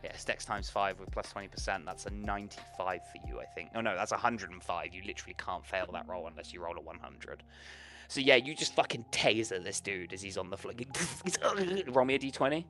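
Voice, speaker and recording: A man's voice: low voice, expressive, fairly quick, pushed and bright, faint music behind. A man narrating and running a tabletop horror game as game master, loose and casual with swearing and filler ums.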